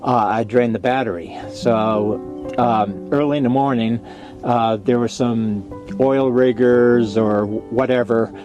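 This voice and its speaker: A man telling a personal story in a halting way, with many pauses and fillers. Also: medium pitch, fairly even intonation, darkish tone. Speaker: interviewee, nomad. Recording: guitar music playing underneath. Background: guitar music.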